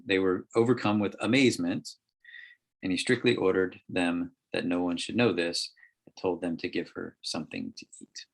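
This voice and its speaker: Deep-voiced man teaching Bible study. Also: creaky, fairly bright tone. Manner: halting, many ums and restarts, reads scripture aloud. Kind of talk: casual Bible teaching on a group call. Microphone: call microphone.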